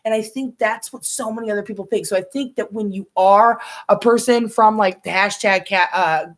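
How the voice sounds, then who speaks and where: A woman's voice: mid-range voice, normal speed. A young woman from the United States chatting casually on a live reaction stream, rambling, restarting her sentences and swearing often.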